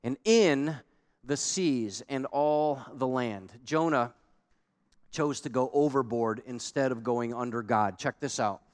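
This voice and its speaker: A man preaching a sermon as pastor, emphatic, repeating key lines for weight and moving between quick bursts and slow, stressed phrases. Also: medium pitch.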